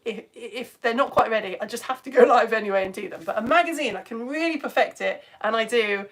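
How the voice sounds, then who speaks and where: A British woman from the United Kingdom presents a live children's science lesson from a home studio, gushing and exclaiming as she reads viewers' comments. Her voice is on the high side and fast.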